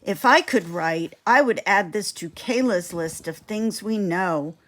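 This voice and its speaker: A woman reading a bedtime story aloud in an expressive way. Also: mid-range voice. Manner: slow, expressive. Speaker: storybook reader.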